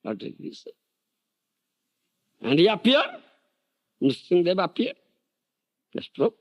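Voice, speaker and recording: Animated older man lecturing. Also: sits high, slow pace. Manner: animated, rhetorical questions and frequent laughter. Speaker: spiritual teacher. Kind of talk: devotional lecture.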